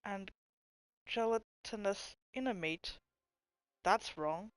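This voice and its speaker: Her voice is medium-pitched and slow, recorded without echo. Reading her livestream chat, she muses aloud as she searches, laughing often and cursing without restraint.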